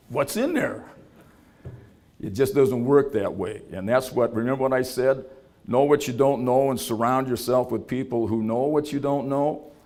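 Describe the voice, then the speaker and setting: A man with a drawl tells a story to an audience at a business event. His voice sits at a middle pitch, and he talks in a relaxed, folksy way, acting out the people he quotes. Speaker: startup founder giving a talk. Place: event venue.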